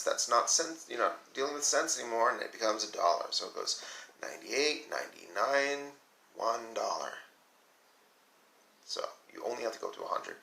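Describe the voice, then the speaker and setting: A male teacher giving a recorded lesson for young children, patiently counting aloud slowly with his pupils. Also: lowish voice, creaky, sharp tone, roomy sound, rough recording.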